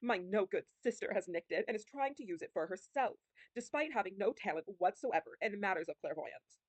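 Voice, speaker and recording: A woman's voice: mid-range voice, expressive, fairly quick, no room sound, lightly acted. A woman reading a dramatic, fussy female fortune teller in a game with a grand, showy delivery.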